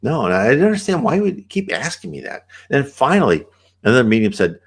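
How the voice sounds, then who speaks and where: A man's voice: mid-range voice, very animated, quick pace. An American man hosting a channel, answering viewer questions in a rambling, conversational way and often asking "right?". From United States. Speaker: channel host.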